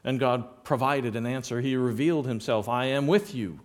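A man's voice: medium pitch, moderate pace. A man preaching a sermon, reading scripture passages aloud and explaining them, rising in volume for emphasis.

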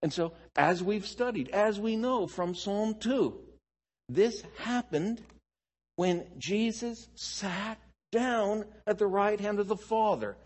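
A man preaching a slow, deliberate Bible teaching sermon, asking rhetorical questions and answering them. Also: high-pitched, long reverb tail.

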